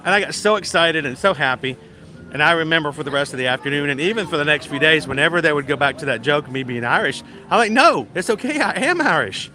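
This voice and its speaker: A man hosting a live stream outdoors at a theme park, with music clearly audible behind him. His voice sits a little high. He rambles through a personal story, with fillers and short laughs along the way. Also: fast talker, bright, forceful tone. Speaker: livestream host. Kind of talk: casual livestream chat.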